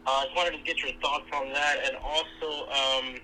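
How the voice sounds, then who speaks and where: Halting male caller on a voicemail. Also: a little high, slight background noise, rough recording. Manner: halting, deadpan joking. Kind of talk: voicemail message.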